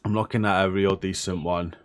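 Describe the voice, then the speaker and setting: A man's voice: sits low, steady tone, a little fast, faint music behind. A young Welsh man hosting a live game stream, sleepy and swearing casually while reading out chat. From Wales. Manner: swears freely, reads chat names aloud. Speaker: streamer host.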